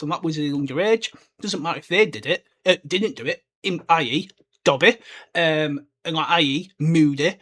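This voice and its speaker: A man's voice: on the high side, a bit bright. A man hosting a book podcast, rambling and chatty, with side remarks along the way. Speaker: podcast host. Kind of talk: casual chat, book discussion.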